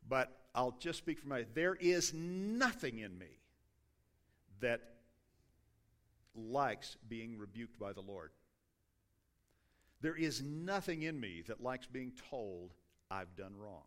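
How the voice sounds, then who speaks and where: A middle-aged man preaching a sermon from the pulpit. He talks in a conversational, self-deprecating way, breaking off and restarting his sentences as he goes. His voice sits at an ordinary, mid-range pitch. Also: very animated, takes it slowly, pauses often, a bit bright. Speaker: pastor.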